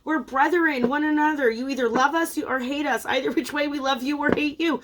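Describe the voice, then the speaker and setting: A woman's voice: sits high, steady tone, brisk, hardly any pauses, a little hiss or hum. Playful, chatty woman tarot reader. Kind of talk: casual tarot reading.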